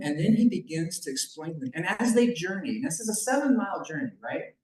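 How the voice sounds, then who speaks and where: A man's voice: on the high side, very animated, fairly quick, hardly any pauses, a little mellow. A man giving a conversational talk at a banquet, retelling a Bible story with joking asides to the audience. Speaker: banquet speaker. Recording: echoey room.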